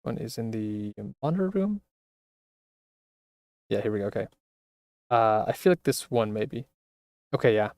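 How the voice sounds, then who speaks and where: A man's voice: fairly low pitch, a little slow, long pauses, clear, resonant tone, no echo. Man casually streaming a game. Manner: relaxed, thinking aloud. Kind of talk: casual let's-play commentary.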